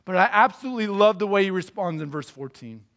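A man with a high voice preaches a sermon, explaining scripture in plain, conversational terms. He speaks earnestly and with emphasis, pressing his points home. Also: animated, fast, fairly bright tone. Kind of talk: sermon teaching through a Bible passage.

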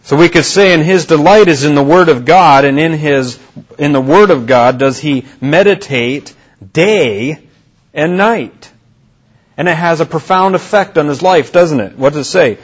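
A fairly high, breathy male voice at normal speed preaches in church, heard through a rough recording. The pastor addresses his congregation earnestly, repeating and restarting phrases and frequently asking questions.

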